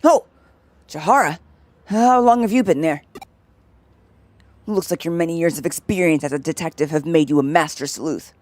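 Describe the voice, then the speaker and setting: A young woman talks casually while she plays a video game, mixing English with bits of Japanese. Her voice sits a little low, with vibrato and a touch of vocal fry. The sound is close and dry. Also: normal speed, pauses often, darkish tone, no echo. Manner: chatty, switches between English and Japanese; pitches voice up to sound friendly on stream. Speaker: streamer playing a video game. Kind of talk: casual gameplay chat.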